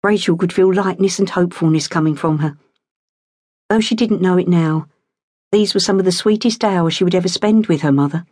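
A woman reading a novel aloud in a steady, measured way. Her voice sits on the low side, and the recording is very dry and close. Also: dry recording. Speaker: audiobook narrator. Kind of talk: scripted narration.

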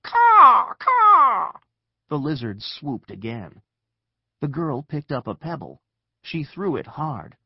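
Expressive male audiobook narrator, unhurried. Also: medium pitch, creaky, slightly rough, no room sound, lo-fi sound. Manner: expressive storytelling. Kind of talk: scripted children's narration.

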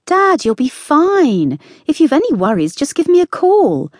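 A woman's voice: high voice, huge pitch swings, unhurried, a little mellow, no echo, studio quality, voice pushed up, full character voice. A woman voicing a cheerful, caring young woman who works nights at a hospital, talking eagerly and reassuringly.

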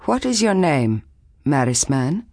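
A woman's voice: a bass voice, a little slow, creaky, warm tone, no echo, studio quality, heavily acted. Woman playing a firm, commanding old village elder. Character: stern old village woman leaning on a stick.

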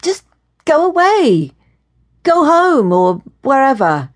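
A woman voicing a sharp, fed-up young woman. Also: on the high side, animated, extremely slow, pitched above the performer's own voice, full character voice. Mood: irritated, fed up. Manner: sharp, exasperated. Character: irritated young woman fending off a stranger.

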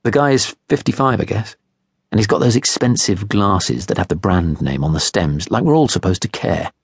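A man narrating a literary audiobook in a measured, wry first-person style. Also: deep voice, husky, no room sound. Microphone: close studio microphone. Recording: dry close studio recording.

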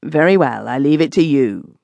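A woman's voice: low voice, sing-song, darkish tone, dry recording, muffled recording, heavily acted. Woman reading as uneasy, hesitant master of the house. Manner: hesitant, straining to sound brisk. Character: uneasy middle-aged male master of the house. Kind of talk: audiobook reading.

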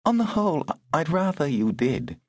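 A man's voice: on the high side, big pitch swings, normal speed, no room sound, studio quality, pitched above the performer's own voice. A man reading the lines of a poised, wry older upper-class woman in an audiobook.

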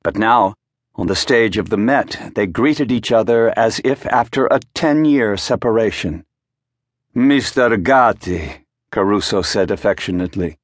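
Low-voiced male audiobook narrator. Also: animated, normal speed, no echo, clean studio sound. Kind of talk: scripted narration. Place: recording studio.

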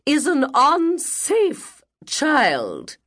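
A woman's voice: huge pitch swings, fairly bright tone, full character voice. A woman voicing a prim, sanctimonious woman guardian who scolds a child, reading an audiobook. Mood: reproving. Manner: shrill, preachy, slow and deliberate.

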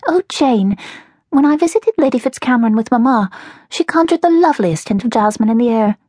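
A woman voicing an excitable, dramatic young woman in an audiobook, speaking high and breathless with sighs. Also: brisk, husky, no room sound, clean studio sound. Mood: eager. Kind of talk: audiobook character voice.

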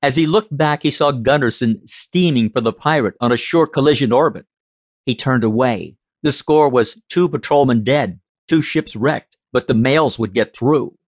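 Male audiobook narrator, measured science fiction reading, middle pitch, dry close sound. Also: no room sound.

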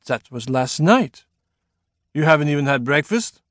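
Guy putting on a rough-voiced monster dad, thick german-french accent, bossy, higher and louder than his own voice. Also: expressive, moderate pace, no room sound, studio quality. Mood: scolding. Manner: commanding, scolding. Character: hulking stitched-together monster father, gruff and stern.

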